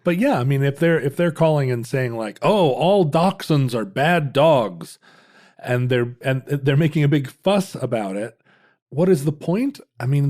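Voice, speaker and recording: Dry-joking man with a mellow voice. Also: mid-range voice. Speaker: podcast co-host. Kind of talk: casual conversational podcast.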